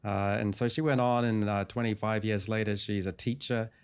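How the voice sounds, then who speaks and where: Low-voiced man calmly telling a story. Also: smooth. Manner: calm, measured retelling of client sessions. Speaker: hypnotherapist guest. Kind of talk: interview storytelling.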